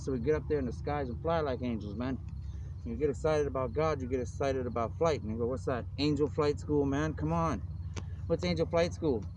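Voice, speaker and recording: A man who calls himself a minister, talking in a loose, meandering monologue and constantly adding "man" and "you know". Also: mid-range voice. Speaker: self-described minister. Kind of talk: rambling outdoor monologue. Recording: noisy outdoor street recording. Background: traffic and city noise.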